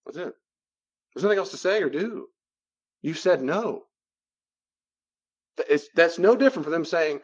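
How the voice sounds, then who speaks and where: A man giving a conversational teaching talk, acting out both sides of the dialogues with lively shifts in his voice. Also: on the high side, moderate pace, long pauses. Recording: dull lo-fi recording.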